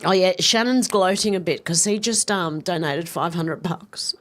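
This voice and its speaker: A woman's voice: fairly low pitch, a little slow. Middle-aged Australian woman, live-stream host, chatty and effusive, a bit congested. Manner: chatty, effusive, warm thanks, many restarts. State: slightly congested with a cough. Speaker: livestream host. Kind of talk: casual live-stream chat, reading viewer comments.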